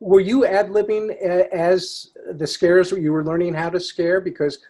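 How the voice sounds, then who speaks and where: Eager male podcast host, higher voice. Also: level tone, measured pace, warm tone. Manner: eager, rambling questions. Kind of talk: interview questions.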